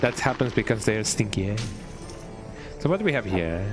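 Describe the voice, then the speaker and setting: Low-voiced chatty streamer man. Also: very animated, normal speed, pauses often. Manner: chatty, tags lines with "eh". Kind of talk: casual let's-play commentary. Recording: game music behind voice.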